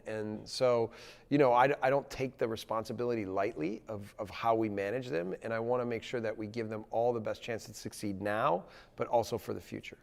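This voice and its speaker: An earnest man from the United States speaks as a soccer coach in a news interview, with a gravelly edge to his voice. He talks haltingly and often restarts his sentences. A long reverb trails his words as if he were in a large hall. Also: fairly low pitch. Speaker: national soccer team coach.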